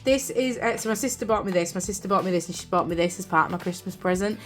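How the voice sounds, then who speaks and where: A woman's voice: medium pitch, quick pace, faint music behind. Chatty British woman vlogging. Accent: British English. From United Kingdom. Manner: chatty and rambling, with frequent fillers and apologies. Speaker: journaling vlogger. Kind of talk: casual chat. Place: craft room indoors. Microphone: camera on a desk stand.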